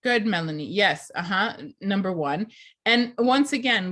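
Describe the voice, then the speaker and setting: Teacher trainer, female, mid-range voice: clear, deliberate lecturing that keeps quizzing the class. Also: medium pitch, fairly bright tone.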